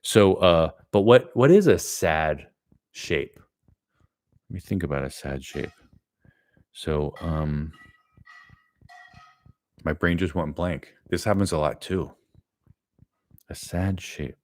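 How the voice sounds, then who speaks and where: A man's voice: sits low, slow, pauses often. A middle-aged man teaching an art lesson live, thinking aloud as he draws, rambling with many fillers.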